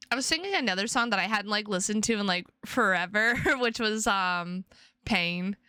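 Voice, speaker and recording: A woman's voice: medium pitch, moderate pace, bright, forceful tone, clean tone, no echo, studio quality. A young adult woman streamer chatting casually with her viewers, rambling and playful, often repeating her words.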